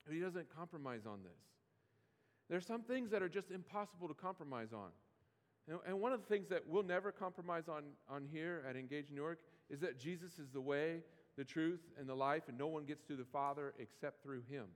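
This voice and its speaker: A man with a fairly high voice preaching to his congregation, loose and conversational, slipping into playful mock pleading now and then. His voice carries a long reverb from a large church hall. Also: lively intonation, brisk. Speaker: pastor. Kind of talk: sermon.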